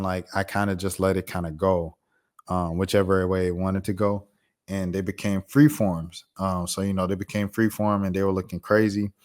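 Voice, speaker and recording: A young man from the United States giving laid-back, reflective commentary to his viewers in a casual vlog. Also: deep voice. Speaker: vlogger.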